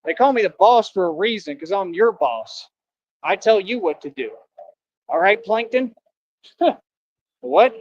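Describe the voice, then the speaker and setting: A man's voice: sits high, animated, normal speed, lo-fi sound. A man livestreaming, ranting boastfully and confrontationally at his chat in heavy street slang.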